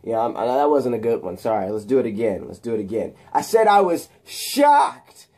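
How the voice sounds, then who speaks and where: A man's voice: on the low side, fast, mellow, voice pushed down, natural voice. A man voicing a joking, sheepish young male superhero.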